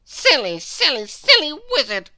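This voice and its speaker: A woman voicing a small, mischievous male prankster in a storybook read-aloud, high, squeaky and giggling. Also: wildly swooping pitch, unhurried, pushed and bright, no room sound, studio quality, exaggerated voice. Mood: grumbling.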